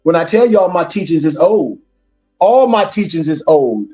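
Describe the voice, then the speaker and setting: A man's voice: on the high side, very animated, normal speed, warm tone, faint music behind. A man lecturing his class as a minister, emphatic and preacherly, repeating his points for weight.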